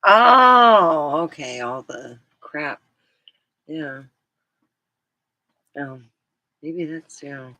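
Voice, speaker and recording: A middle-aged woman vlogging in a rambling, casual chat, scattered and quick to laugh. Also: a bass voice, steady tone, dry recording, muffled recording. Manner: chatty, scattered, laughs a lot.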